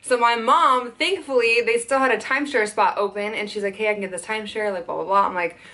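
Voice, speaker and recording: A young woman venting in a fast, worked-up storytime vlog, swearing as she tells it. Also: medium pitch, pushed and bright. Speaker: content creator.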